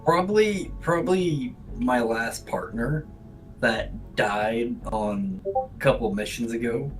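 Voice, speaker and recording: A man's voice: medium pitch, takes it slowly, soft background music. A man playing in a tabletop game, hesitant and full of fillers, recorded on a distant mic. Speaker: player. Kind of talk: casual tabletop chat.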